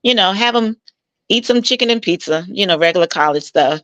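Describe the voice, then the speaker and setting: A woman coaching couples, telling stories from her work in an animated, persuasive way and acting out the voices of the people she quotes. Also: a little fast, no echo. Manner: animated, acts out quoted dialogue with jumps in pitch; warm, persuasive, mentoring tone. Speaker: marital coach, interview guest. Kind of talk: conversational storytelling.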